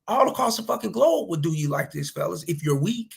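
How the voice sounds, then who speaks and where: Brisk and lively in intonation, this male commentary vlogger has a slightly high voice that's gravelly and husky. His casual reaction commentary is blunt and profane, and he preaches street-style advice at his listeners.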